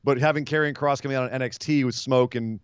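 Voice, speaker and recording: A man co-hosts a casual wrestling podcast, recapping with animated energy and frequent laughter. The sound is dry and slightly dull, recorded close without room sound. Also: mid-range voice, fast, clear, resonant tone, no room sound. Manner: animated, laughs often, jumps into impressions. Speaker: podcast co-host.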